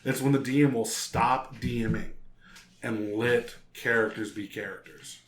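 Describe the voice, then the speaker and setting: A man's voice: mid-range voice, a little slow, echoey room. A man co-hosting a casual chat about tabletop role-playing, swearing freely and acting out quotes in funny voices. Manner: profane, animated, acts out quotes. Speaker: podcast co-host.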